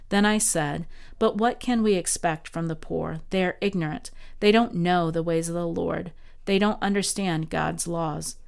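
A woman hosting a daily Bible podcast, reading scripture aloud in an expressive, dramatic way. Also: lowish voice, clear, resonant tone.

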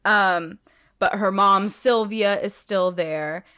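A woman's voice: mid-range voice, slow pace, pushed and bright, clear, resonant tone. A woman co-hosting a podcast in casual chat, recapping an episode at length and laughing often as she goes. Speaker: podcast co-host.

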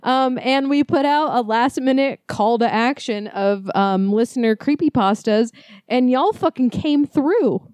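A woman co-hosting a podcast, chatting casually and reading listener ghost stories aloud with quick, laughing, profane asides. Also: high voice, darkish tone, no room sound. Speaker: podcast co-host.

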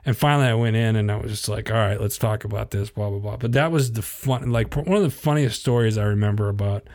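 A man's voice: on the low side, quick pace, a little mellow. A middle-aged man co-hosting a podcast, telling a story in casual chat and laughing as he talks. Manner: rambling, laughs through stories. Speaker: podcast co-host.

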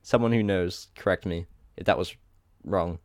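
Australian man, podcast co-host; low, clean dry read of a list, fumbles tricky names. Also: moderate pace, dry recording. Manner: trips over foreign names, chuckling self-corrections. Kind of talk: casual podcast chat, reading out a list.

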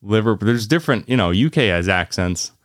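A man's voice: fairly low pitch, expressive, brisk, no room sound, clean studio sound. A man hosting a podcast, talking in a rambling, profane, casual monologue full of "you know" and "like", laughing easily at his own jokes. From United States. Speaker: podcast host.

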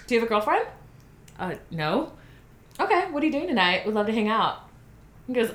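A woman telling a story in casual chat, animated and giggly, acting out the dialogue. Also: fairly high pitch, moderate pace, reverberant.

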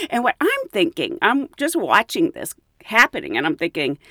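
A woman's voice: fairly high pitch, normal speed, dry recording, clean studio sound. A woman hosting a podcast, telling stories in a chatty, casual way. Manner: animated, chatty. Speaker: podcast host. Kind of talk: casual storytelling chat.

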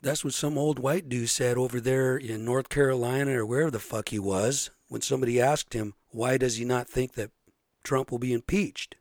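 Profane rambling man with a raspy throat. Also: mid-range voice, fairly even intonation, moderate pace, no room sound, clean studio sound. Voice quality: a little raspy. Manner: blunt, profane, rambling with frequent "right?". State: sore throat. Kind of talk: casual ranting monologue.

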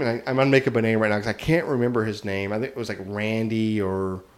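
A man's voice: lowish voice, fairly even intonation, a little fast. A man telling a long prank story in casual talk, rambling with many restarts and laughing at himself.

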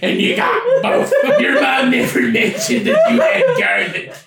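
Crude loud vampire guy, a lady puts him on, laughing, big crowd noise behind. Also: very high voice, wildly swooping pitch, unhurried, gravelly, voice pushed up, heavily acted. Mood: laughing shouting. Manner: shouted and laughing through the lines. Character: crude boastful male vampire. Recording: echoey room, far mic, loud crowd noise.

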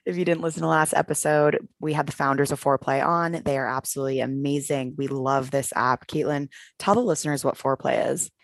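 A young woman from California co-hosting a podcast in casual chat, bubbly and laughing often, with a croaky voice on a corded headphone mic. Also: extremely low pitch, fairly even intonation, a little fast, few pauses, no echo, studio quality. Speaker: podcast co-host.

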